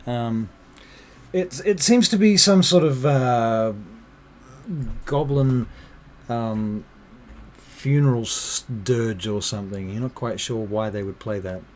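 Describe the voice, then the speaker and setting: A man's voice: medium pitch, slow, slight background noise. A man running a tabletop game as game master, narrating with lots of hesitations and ums. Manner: hesitant, full of ums, chatty.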